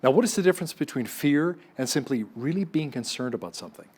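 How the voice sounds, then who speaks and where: A man's voice: on the high side, expressive, fast, darkish tone. Man anchoring a studio news interview. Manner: clear, conversational questioning.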